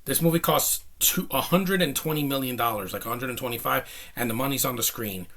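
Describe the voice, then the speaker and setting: Breathless, bright-voiced man reviewing films. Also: medium pitch, brisk. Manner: enthusiastic, rambling, frequent fillers and restarts. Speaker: movie reviewer. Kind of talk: casual spoken film review.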